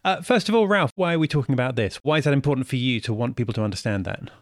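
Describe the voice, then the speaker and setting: A man's voice: medium pitch, expressive, racing, no room sound, clean studio sound. A man hosting a podcast, chatting casually and asking questions with friendly, self-aware asides. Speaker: podcast host.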